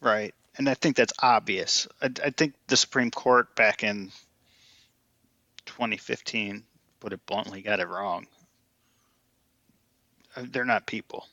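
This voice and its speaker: A man's voice: on the low side, a little slow, long pauses, sharp tone, no echo, lo-fi sound. A man co-hosting a political podcast, pressing his point with analogies and rhetorical questions. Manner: insistent, argues through analogies and rhetorical questions. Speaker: podcast co-host. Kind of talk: political debate chat.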